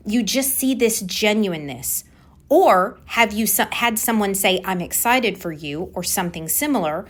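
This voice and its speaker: A woman hosting a solo coaching podcast on communication, talking with energy and stressing key words by repeating them. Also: mid-range voice.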